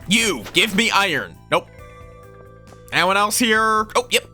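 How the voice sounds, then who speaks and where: A man's voice: high-pitched, pushed and bright. A man casually commentating his gameplay on a live stream, swearing now and then and talking to his chat.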